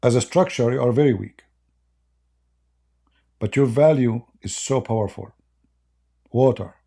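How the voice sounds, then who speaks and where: Gravelly man with broken English. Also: medium pitch, a little slow, mellow. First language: Arabic. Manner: broken English, rambling and mocking. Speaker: online commentator. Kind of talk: casual joking monologue.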